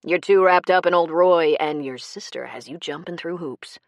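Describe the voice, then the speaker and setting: A woman voicing an adult male con man whose smooth charm turns cold and menacing, in an audiobook. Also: on the low side, normal speed, no room sound, natural voice. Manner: fake charm turning cold and cruel.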